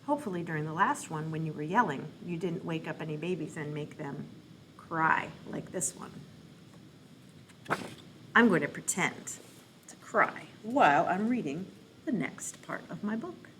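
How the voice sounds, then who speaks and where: A woman who works as a children's librarian hosts a playful read-aloud program for kids. She talks in an animated, silly and encouraging way. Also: low voice, moderate pace, slight background noise. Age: adult parent.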